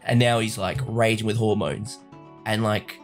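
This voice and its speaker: A man's voice: fairly low pitch, flat delivery, a little slow, soft background music. A man co-hosting a let's play, bantering and joking in casual commentary.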